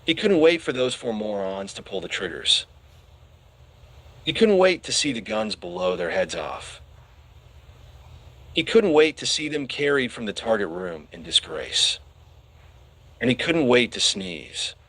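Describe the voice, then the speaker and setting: A man narrating a children's audiobook with expressive storytelling. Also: lowish voice, unhurried, pauses often, dry recording.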